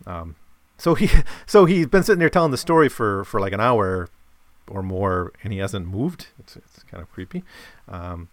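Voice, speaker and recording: A man in a casual, rambling discussion of a story he has read, with animated bursts. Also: on the low side, moderate pace, no echo. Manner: rambling, many fillers and restarts, animated bursts. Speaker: podcast host discussing a story.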